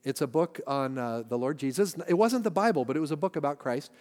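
A man with a high-pitched voice preaches in a conversational, storytelling way. His words ring out with a long reverb tail in a church sanctuary. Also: animated, quick pace, a little mellow. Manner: conversational storytelling with shifting emphasis. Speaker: pastor. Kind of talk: sermon.

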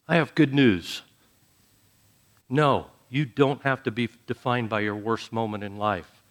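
A man preaching a sermon, dramatic, dropping to soft low phrases and then rising to loud emphatic ones. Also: a little slow. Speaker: pastor.

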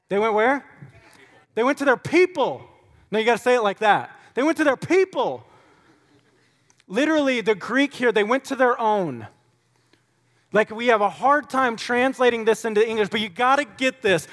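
A man's voice: sits high, fairly bright tone. A man preaching in a church, praying earnestly and then teaching in a casual, conversational way with frequent fillers. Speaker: pastor. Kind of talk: sermon. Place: church sanctuary.

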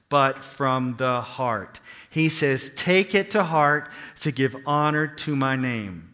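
A man preaching a sermon as pastor, animated and acting out the voices he quotes. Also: medium pitch, big-room sound. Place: church sanctuary.

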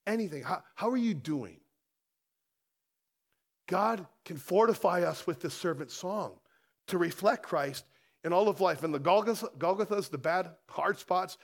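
Emphatic male pastor preaching. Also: a little high. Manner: emphatic, rhetorical questions, rising to loud stresses. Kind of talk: sermon.

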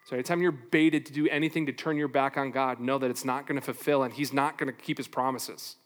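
A man preaching a sermon as pastor, animated, asking rhetorical questions and playing out little back-and-forth exchanges. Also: mid-range voice, fast, big-room sound.

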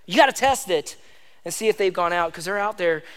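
A man's voice: high-pitched, animated, brisk, smooth. A man preaching a sermon as pastor, emphatic and exhorting, repeating lines for stress. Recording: long hall reverb.

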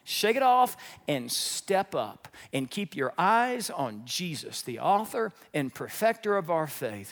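A male preacher delivers a sermon as an animated storyteller. His voice sits high and leaps around in pitch, jumping from loud exclamations to hushed asides. A long reverb trails each phrase, as in a large hall. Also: takes it slowly, hardly any pauses. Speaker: pastor.

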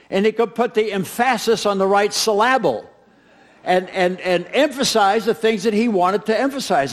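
Lively high-pitched preacher man. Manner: animated storyteller, acts out characters with humor. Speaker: pastor. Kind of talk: sermon.

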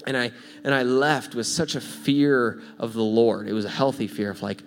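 A man preaching, telling a story in a casual, animated way, going from hushed to loud. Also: medium pitch, moderate pace. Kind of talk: sermon storytelling.

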